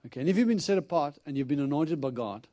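A man whose voice runs high and fast preaches a storytelling sermon to a congregation as an itinerant preacher. Animated throughout, he acts out the quotes and laughs frequently.

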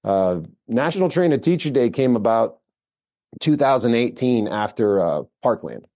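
An American man, middle-aged, a firearms instructor telling his story in a relaxed interview, rambling with fillers and restarts. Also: mid-range voice, normal speed. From United States. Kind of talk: casual interview talk.

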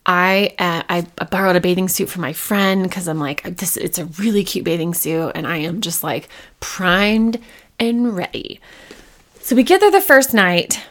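A woman hosting her own podcast, telling a personal story straight to the listener. She acts out her past self and others in quick snippets and jumps far up in pitch for the excited lines. Her tone is casual and confessional, with a medium voice. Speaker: podcast host.

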